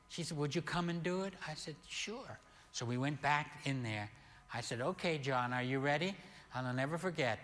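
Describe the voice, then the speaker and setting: An older man preaching as a pastor, telling a healing story slowly and animatedly, with sudden loud peaks. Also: mid-range voice. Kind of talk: sermon storytelling. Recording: long hall reverb.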